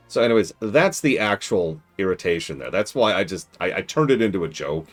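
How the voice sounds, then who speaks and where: A man streaming a strategy game, chatting casually and animatedly, with mock-exasperated outbursts and quiet mutters to himself while he plays. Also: sits low, sing-song, fairly quick, hardly any pauses, soft background music.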